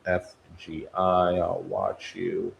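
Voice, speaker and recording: Hosting a live day-trading stream, a man with a deep, gravelly, level voice talks slowly through ongoing market commentary, with a little hiss or hum in the audio. He addresses the stocks on his watchlist like people, musing and joking with them.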